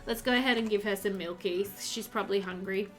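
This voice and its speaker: A woman's voice: mid-range voice, brisk, a bit bright, faint music behind. A woman chatting casually with her live-stream viewers while playing, full of ums and likes. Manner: chatty, filler-heavy, answers chat while playing. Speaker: game streamer.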